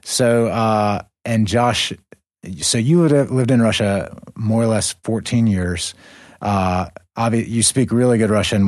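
A man hosting a podcast, asking a guest questions in a casual, friendly way with quick affirmations. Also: lowish voice, a little mellow, dry recording, studio quality. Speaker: podcast host. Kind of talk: casual interview chat.

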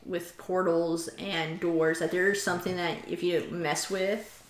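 A woman co-hosts a podcast, chatting casually and telling stories with laughs and quoted asides. Her voice sits on the low side, level in tone and unhurried. The recording has a roomy echo.

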